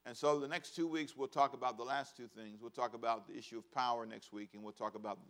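A man's voice: mid-range voice, steady tone, fast, a bit bright. Humorous pastor, man, preaching conversationally. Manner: conversational, humorous, asks congregation to repeat phrases; acts out quoted voices of kids and parents. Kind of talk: sermon.

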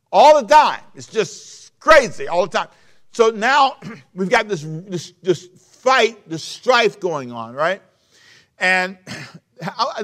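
A man's voice: a little high, a bit bright. A man preaching a sermon, reading scripture and explaining it in a loose, conversational way, repeating phrases and putting direct questions to his listeners.

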